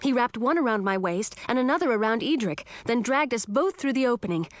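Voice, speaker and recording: A woman giving scripted first-person narration of a children's story in a clear, even storytelling manner. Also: a little high, a little fast, dry recording. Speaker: audiobook narrator.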